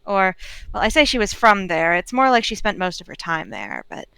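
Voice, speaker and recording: A woman voicing a gentle young shopkeeper who talks in a hesitant, halting way. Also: medium pitch, huge pitch swings, creaky, clear, resonant tone, no echo, full character voice. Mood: awkward. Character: awkward, gentle young man running a candy shop.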